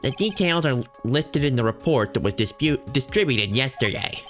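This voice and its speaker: Dude doing a smug condescending prosecutor, swingy pitch, music going behind. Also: male voice, expressive, normal speed, a bit bright, close to an everyday voice. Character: smug veteran male prosecutor.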